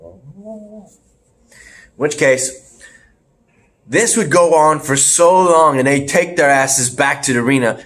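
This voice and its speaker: A man co-hosting a casual podcast, rambling through a wrestling match recap with animated play-by-play and the odd laugh. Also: a little high, slow, long pauses. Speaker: podcast co-host. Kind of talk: casual wrestling review chat.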